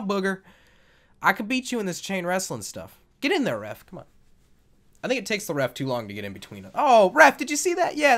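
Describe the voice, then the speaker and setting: A man's voice: mid-range voice, fairly bright tone. Jokey, swearing man narrating a game. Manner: jokey, profane, rambling. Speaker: video game commentator. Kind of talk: casual gameplay commentary.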